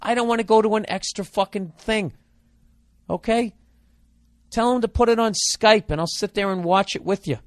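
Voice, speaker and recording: A man's voice: sits high, normal speed, no room sound, clean studio sound. A man hosting a comedic podcast, giving advice in an exasperated, profane rant.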